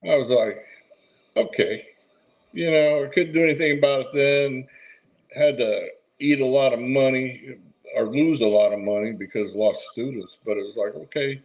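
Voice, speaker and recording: Wrestling vet guy spinning a story, relaxed, mid voice. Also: medium pitch, normal speed, low-quality recording. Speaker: veteran wrestler guest. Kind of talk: casual storytelling.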